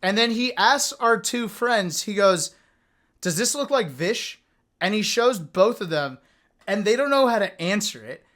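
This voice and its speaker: A man with a high voice hosts a casual recap show. He tells funny stories with lively energy and acts out his friends' lines as he goes. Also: moderate pace. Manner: animated, acts out quoted friends. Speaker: host. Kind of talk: casual storytelling.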